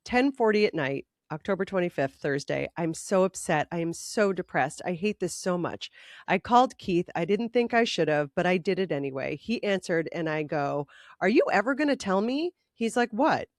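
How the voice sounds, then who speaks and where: Animated middle-aged woman reading her old diary. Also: lowish voice, moderate pace, dry recording, studio quality. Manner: animated, laughing at her own teenage writing. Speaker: podcast co-host. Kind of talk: casual chat, reading old diary aloud.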